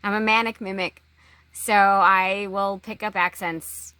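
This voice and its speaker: A woman talking in a casual personal vlog, halting, with long pauses and restarts. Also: mid-range voice, fairly even intonation, bright, forceful tone, no room sound. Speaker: vlogger.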